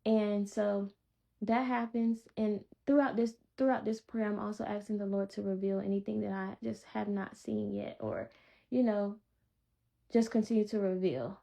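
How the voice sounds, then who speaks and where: A woman telling a personal testimony in a calm, blunt, straightforward way. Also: medium pitch, moderate pace, creaky. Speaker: vlogger sharing a personal testimony. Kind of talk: casual storytelling. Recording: dull lo-fi recording.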